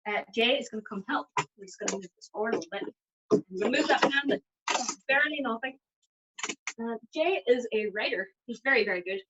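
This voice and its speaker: A woman's voice: on the high side, muffled recording, background noise. A woman chatting and giggling as she performs magic over a video call. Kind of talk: casual live magic act on a video call.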